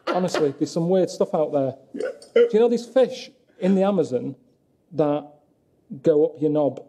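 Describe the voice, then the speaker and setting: A man moaning in a deadpan, glum way about his travels, talking to camera and to his friends. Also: on the high side, normal speed, pauses often. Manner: glum, grumbling, deadpan complaints. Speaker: travelling presenter. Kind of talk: documentary monologue and chat. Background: music.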